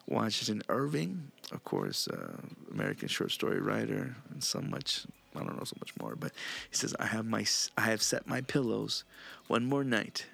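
A man hosting a podcast in a casual, profane, rambling monologue, reading quotes in a hushed voice. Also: medium pitch, sing-song, moderate pace, vocal fry, slightly rough. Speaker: podcast host.

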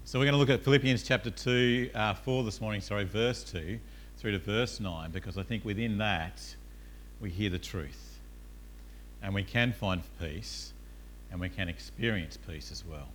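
A male pastor preaches in a church in an easy, conversational way, often pausing on "uh" and putting questions to the room. His voice sits at a middle pitch with a bright, clear tone, and a faint noise runs in the background. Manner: conversational, frequent "uh", asks the congregation questions. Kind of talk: sermon.

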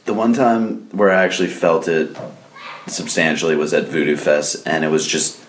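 Very deep-voiced man in casual chat. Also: steady tone, normal speed. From New Orleans. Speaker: podcast guest. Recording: echoey room with faint noise.

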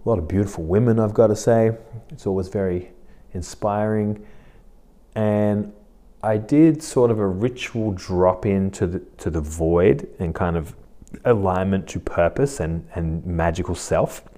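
A man hosting his own podcast, talking casually in a relaxed, rambling, reflective way. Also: low-pitched, unhurried. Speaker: podcast host. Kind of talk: casual solo podcast monologue.

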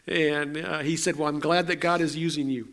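High-voiced preacher telling stories. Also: male voice, level tone, moderate pace, fairly bright tone. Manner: conversational and self-deprecating, with frequent restarts. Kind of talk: storytelling sermon.

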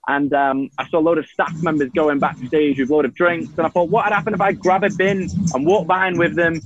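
A man's voice: a little high, fairly even intonation, fairly quick, lo-fi sound, noisy background. A man with a Manchester accent, a guest on a talk show, telling stories casually with a rambling, filler-heavy delivery. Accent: Mancunian English. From Manchester, England. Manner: laid-back, rambling, lots of ums and repeated restarts. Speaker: guest, YouTuber. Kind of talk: casual conversational storytelling.

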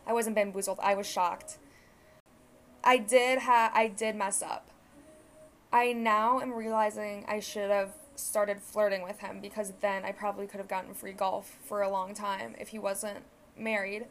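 A woman's voice: mid-range voice, level tone, unhurried. A young woman hosting a solo podcast, rambling through casual stories with lots of filler words and swearing. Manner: self-correcting, conversational storytelling. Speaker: podcast host.

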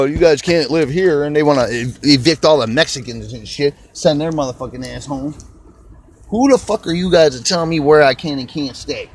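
A man's voice: a little high, slight background noise. A man hosting a podcast alone, delivering an angry, rambling, profanity-filled rant while driving a car. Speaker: podcast host. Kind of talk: profane ranting monologue.

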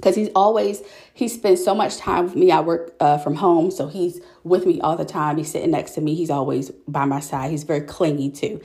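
A young woman podcast host chatting casually, telling a story in an animated way and calling her listeners y'all. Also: sits low, moderate pace. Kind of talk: casual solo chat.

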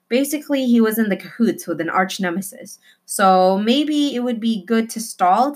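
Woman reading a children's chapter book. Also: mid-range voice. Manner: expressive, slowing for emphasis. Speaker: reader. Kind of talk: reading a children's novel aloud.

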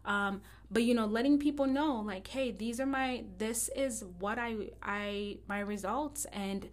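A woman's voice: on the high side, a little slow. A woman giving a blunt, impassioned and profane monologue straight to her listeners.

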